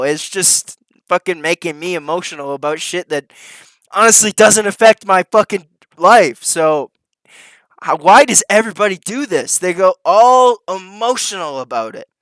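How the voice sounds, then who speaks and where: A man's voice: high-pitched, moderate pace, a bit bright, clean tone, no echo. A man reacting to news clips with profane, sneering commentary.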